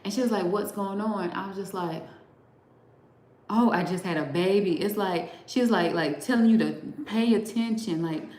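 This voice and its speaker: A woman's voice: mid-range voice, normal speed, echoey room, rough recording. A woman hosting a live show, telling a long personal story casually, saying "like" often and acting out both sides of the dialogue. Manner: animated storyteller, heavy use of "like", acting out quoted dialogue. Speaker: host.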